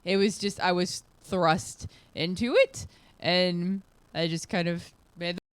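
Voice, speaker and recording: A woman's voice: on the low side, slow, clear, resonant tone, no room sound. A woman co-hosting a podcast, telling a story in casual chat and acting out the quotes. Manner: animated storytelling, acts out quotes. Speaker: podcast co-host.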